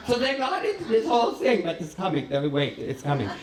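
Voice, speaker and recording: A man's voice: high-pitched, wildly swooping pitch, normal speed, a crowd in the background. A man playing a vain, flamboyant cabaret host. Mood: theatrical. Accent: vague put-on European accent. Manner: theatrical, rambling, self-mocking storytelling. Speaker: host of a live show. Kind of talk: live stand-up monologue. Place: small live venue with a small audience. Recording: roomy live venue, far from the mic.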